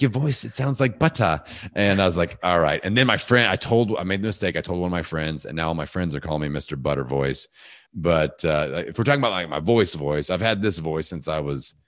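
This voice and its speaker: A man with a big, deep voice, talking casually as a guest in a podcast interview and telling animated stories. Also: no room sound, clean studio sound. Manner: animated storyteller, acts out voices.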